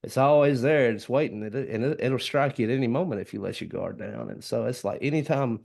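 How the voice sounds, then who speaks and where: A man's voice: mid-range voice, fairly quick, vocal fry, a little mellow. A man with a Southern US accent hosting a casual podcast chat, talking earnestly and easily, with folksy comparisons. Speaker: podcast host.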